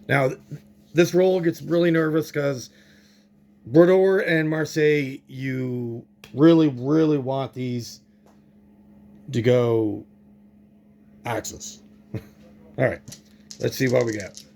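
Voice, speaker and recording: A man's voice: medium pitch, fairly even intonation, takes it slowly, long pauses, a little mellow, a little hiss or hum. A man narrating his own board game play-through, thinking aloud and reacting to dice rolls.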